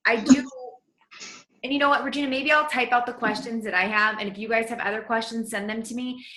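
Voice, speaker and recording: A woman hosting a motivational team coaching call, gushing and energetic in casual chat. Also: fairly high pitch, brisk, roomy sound, poor audio.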